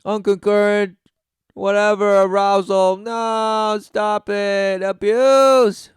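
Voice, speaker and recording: A shrill, indignant young woman, all prissy outrage, as a man mocks her in a sharp high put-on voice. The sound is crisp and clean, with a dry close feel and no room around it. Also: level tone, slow pace, dry recording. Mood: shrill mocking. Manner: sarcastic mimicry.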